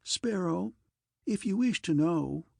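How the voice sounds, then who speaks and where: A man's voice: a little high, slow, a little mellow, dry recording, clean studio sound, voice pushed up. A man voicing a mocking, seductive female robot with a woman's body, in a caressing tone, for an audiobook.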